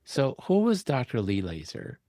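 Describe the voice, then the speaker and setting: A man's voice: mid-range voice, huge pitch swings, moderate pace, mellow, no echo, clean studio sound. A man hosting a podcast and politely asking his guest to share a story. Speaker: podcast host, pediatrician. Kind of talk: interview questions.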